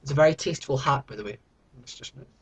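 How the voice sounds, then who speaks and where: A man's voice: medium pitch, quick pace, breathy edge. A young British man talking to camera at home in a rambling, self-mocking, mock-dramatic way. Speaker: vlogger. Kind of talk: casual chat to camera.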